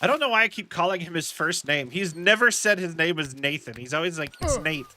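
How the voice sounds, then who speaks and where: A man's voice: fairly high pitch, lively intonation, fairly quick, sharp tone, slight background noise. A young man streaming a game, chatting casually in rambling tangents and swearing at his mistakes from his home setup.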